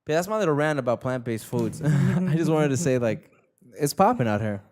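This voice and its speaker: A man's voice: medium pitch, lively intonation, a little fast, darkish tone. Slangy rambling young man host. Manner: rambling, slangy, repeats himself. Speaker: podcast host. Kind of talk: casual chat.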